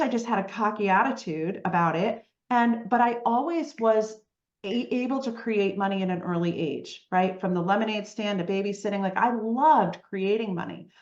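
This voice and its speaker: A woman guest on an interview podcast, telling her story in a lively way and often asking "right?". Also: mid-range voice, normal speed, roomy sound, dull audio. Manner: animated storytelling, frequent "right?" tags.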